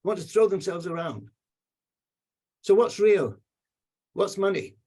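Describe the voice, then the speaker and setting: Older guy ranting on a video call, husky and emphatic, repeats himself a lot. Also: sits high, lively intonation, a little slow, a little mellow. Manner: emotional, indignant, emphatic repetition. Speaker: panel commenter. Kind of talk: impassioned video-call remarks.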